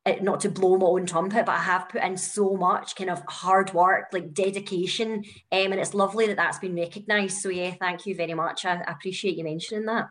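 A woman's voice: on the low side, steady tone, fairly quick, hardly any pauses, fairly bright tone. A young woman with a Glasgow accent, chatting as a podcast guest and telling stories with plenty of fillers. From Scotland. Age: young adult. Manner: chatty storyteller, lots of fillers. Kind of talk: conversational podcast interview.

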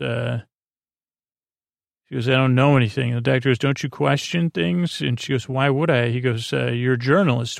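A man hosting a sleep podcast, retelling an episode in a halting, deadpan way, full of fillers and "he goes, she goes.". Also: medium pitch, vocal fry, no echo, studio quality. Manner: flat, deadpan delivery. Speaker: podcast host. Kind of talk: rambling episode recap for falling asleep.

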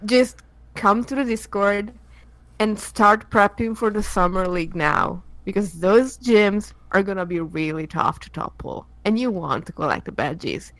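A woman's voice: medium pitch, a little slow, fairly bright tone, dry recording, poor audio. A woman co-hosting a casual podcast, playful and giggly. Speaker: podcast co-host.

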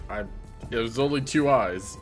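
A man's voice: medium pitch, moderate pace, soft background music, lightly acted. A man voicing a confused, mopey male tavern guest who rambles earnestly.

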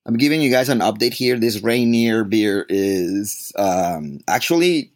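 A man's voice: on the low side, lively intonation, unhurried, crowd noise. A middle-aged man hosting a podcast in casual, rambling chat, joking as he goes. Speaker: podcast host.

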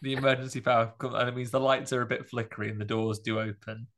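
A man's voice: mid-range voice, fast. Man retelling a film plot. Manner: animated storytelling, acting out characters' lines with laughs. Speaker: podcast co-host. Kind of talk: casual chat recapping a film.

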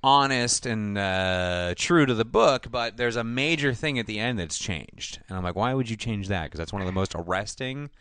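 A man's voice: lowish voice, expressive, normal speed, hardly any pauses, a bit bright, clean tone, no room sound. A man in casual chat as a podcast co-host, blunt and opinionated, swearing freely.

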